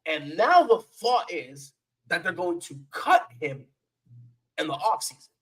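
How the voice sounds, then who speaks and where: A man's voice: high voice, very animated, measured pace, fairly bright tone, slightly rough, low-quality recording. A man co-hosting a sports podcast, talking in a playful, repetitive trash-talk style. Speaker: podcast co-host. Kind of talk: casual sports chat.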